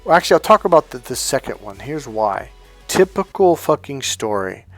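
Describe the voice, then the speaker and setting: A man in the middle of his range delivers a swearing, emphatic rant as a dating coach. His pitch is ordinary for a man, neither high nor low, and he pushes each point hard. Soft music plays faintly behind him. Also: very animated, moderate pace, no room sound. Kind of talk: monologue to camera.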